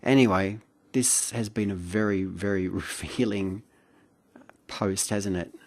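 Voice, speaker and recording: An Australian man, middle-aged, reminiscing late at night at home in a rambling, hesitant way with many fillers and soft chuckles. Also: low-pitched, fairly even intonation, unhurried. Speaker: vlogger. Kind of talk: late-night reflective monologue.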